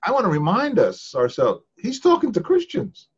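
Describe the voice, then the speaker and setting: A man's voice: high-pitched, wildly swooping pitch, moderate pace, husky. Man reading scripture, dull lo-fi sound. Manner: reads scripture aloud, offers answers. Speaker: Bible study participant. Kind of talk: casual Bible study discussion.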